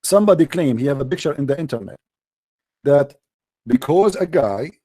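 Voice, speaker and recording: A man's voice: fairly high pitch, expressive, normal speed, warm tone, slightly rough, no echo. A man hosting a heated debate, insistent and repeating himself as he talks over the other speaker. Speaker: show host debating a caller.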